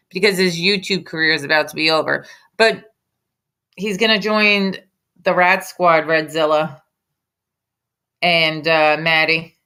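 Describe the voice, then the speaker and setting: A woman's voice: medium pitch, pushed and bright. A woman hosting reaction commentary over a clip, mocking and combative in tone. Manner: mocking, sarcastic, combative ranting. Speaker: commentary host.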